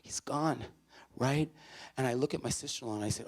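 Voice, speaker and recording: A man speaking as a motivational speaker to a college audience. He is emphatic and repeats his key phrases, swinging from loud to hushed. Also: medium pitch, fairly quick. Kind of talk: motivational talk to students. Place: college event before a student audience.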